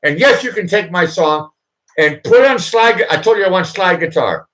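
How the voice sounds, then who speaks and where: Speaking animatedly at normal speed, a host and producer with a Boston accent leads a live chat and coaches a nervous guest. His emphatic, repetitive pep talk leans on mantras, which he delivers loud and high.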